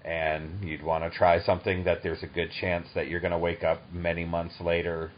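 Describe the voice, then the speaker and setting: A man in his thirties hosts a relaxed interview and talks eagerly, laughing often. His voice sits low, and the recording has a muffled, lo-fi sound. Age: 30s. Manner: enthusiastic and chatty, quick to laugh. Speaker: podcast host. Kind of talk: casual interview chat. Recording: dull lo-fi recording.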